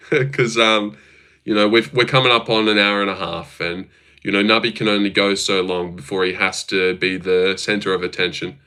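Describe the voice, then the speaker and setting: A young man hosts a casual livestream, talking straight to his chat. His voice is bright and forward, and his banter is crude, mocking and full of swearing. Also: fairly low pitch, level tone, moderate pace, smooth. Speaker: livestream host.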